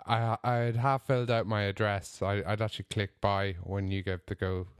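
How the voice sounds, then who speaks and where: A man's voice: on the low side, little pitch movement, moderate pace, smooth, no room sound, studio quality. A man co-hosting a podcast in casual chat, easygoing with stammering restarts. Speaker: podcast co-host.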